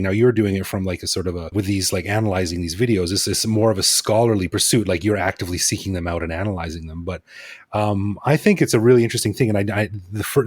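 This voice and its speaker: A man's voice: lowish voice, a little mellow, no echo, clean studio sound. A man hosting a podcast, chatting in a loose, enthusiastic, rambling way. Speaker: podcast host. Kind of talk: casual conversational interview.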